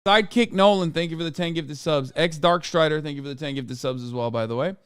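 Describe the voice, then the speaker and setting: A man hosting a livestream, reading a news article aloud quickly and breaking off into rambling, profane asides. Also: a little high, fairly bright tone, smooth, no room sound, clean studio sound. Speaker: streamer host.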